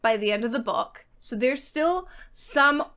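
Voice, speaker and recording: An excitable woman vlogger recaps a book in casual chat. Her voice sits high and sounds bright and forward. She is emphatic and swears offhandedly as she talks. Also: a little slow. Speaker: reading vlogger.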